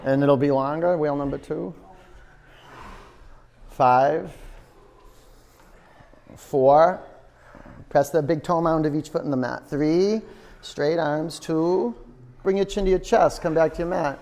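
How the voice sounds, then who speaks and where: A man's voice: on the high side, slow pace, vocal fry, pauses often, darkish tone. A man teaching a yoga class in a studio, counting down holds and coaxing students in a playful, encouraging way. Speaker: yoga instructor.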